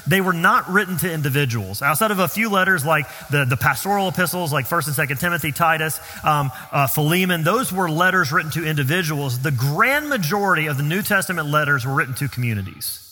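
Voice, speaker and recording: A man with a Southern US accent preaching a sermon as pastor, earnest and emphatic, slowing down on key phrases. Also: on the high side, lively intonation, sharp tone, husky, long reverb tail. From Southern United States. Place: church sanctuary.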